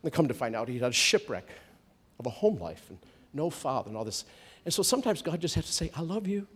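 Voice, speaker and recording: A man preaching a sermon to a church congregation, animated, swinging from loud comic outbursts to soft hushed storytelling. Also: medium pitch, fast talker, breathy edge.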